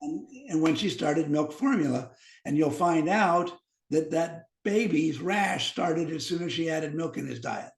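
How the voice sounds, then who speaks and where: A man's voice: fairly high pitch, measured pace, creaky. A man in his fifties, a physician guest on a podcast, telling medical anecdotes and acting out the dialogue. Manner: animated anecdotes, acts out quoted dialogue. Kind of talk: storytelling in a podcast interview. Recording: echoey room.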